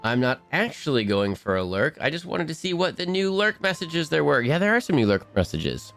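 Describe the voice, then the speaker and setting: A man's voice: a little high, expressive, brisk, fairly bright tone, soft background music. A man streaming a game live, chatting casually and bubbly, rambling and restarting his sentences.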